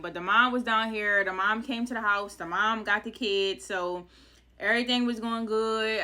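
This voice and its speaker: Bright-voiced woman telling a story. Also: on the high side. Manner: chatty, dramatic retelling in loose slang. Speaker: vlogger. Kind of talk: casual storytime.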